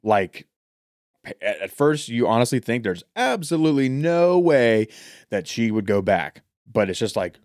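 A man with a Southern American accent co-hosting a podcast in casual chat, loose and profane, joking around and now and then breaking into loud mock voices. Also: mid-range voice, big pitch swings, a little slow, no room sound, studio quality. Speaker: podcast co-host.

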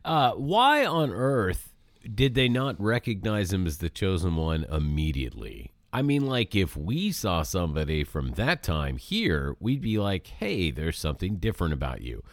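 A man with a deep voice co-hosting a casual movie podcast. His pitch swoops up and down as he talks at an unhurried pace, playfully quizzing his friend like a game-show host. The sound is dry and close. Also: huge pitch swings, dry recording. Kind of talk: casual movie-discussion chat.

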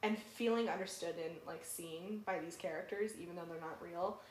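A woman's voice: fairly low pitch, steady tone, fairly quick, slight background noise. A young woman co-hosting a podcast in casual, chatty talk, with frequent fillers and laughs. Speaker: podcast co-host. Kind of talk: casual chat. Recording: roomy echo.

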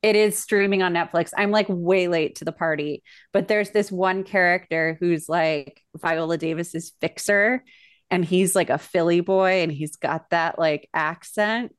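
A young woman co-hosting a podcast, talking in a rambling, gushing way full of fillers. Her voice sits a little low for a woman. The microphone sound is close and dry. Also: a little slow, smooth, no echo. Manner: chatty, gushing, lots of fillers. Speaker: podcast co-host. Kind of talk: casual chat.

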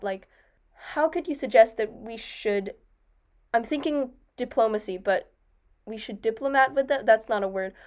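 A young woman co-hosting a casual book discussion, chatty and quick to laugh, often restarting and correcting herself. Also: a little high, darkish tone, clean tone. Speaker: podcast co-host.

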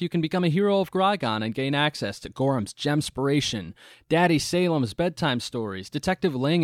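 A man's voice: mid-range voice, no echo, clean studio sound. A man, a regular of a tabletop game podcast, chatting casually and reading the show's sign-off. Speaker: podcast host and player. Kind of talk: casual chat and podcast outro.

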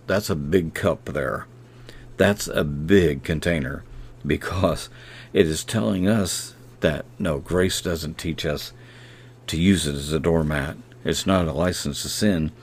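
Deep, gravelly man reading scripture slowly. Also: a little mellow. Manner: reads verses slowly and repeats key phrases. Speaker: podcast host. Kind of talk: devotional podcast with scripture reading.

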